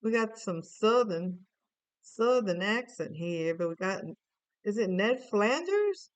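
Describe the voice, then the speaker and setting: A woman's voice: medium pitch, big pitch swings, slow pace, clear, resonant tone, no room sound, poor audio. A woman giving a casual tarot reading, playful and musing aloud with chatty asides. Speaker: tarot reader.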